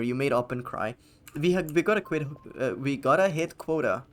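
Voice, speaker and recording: A man's voice: mid-range voice, animated, normal speed, a bit bright. Male streamer, casual live gameplay talk, sardonic and foul-mouthed, mid-range voice. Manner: sarcastic, swearing, joking with chat.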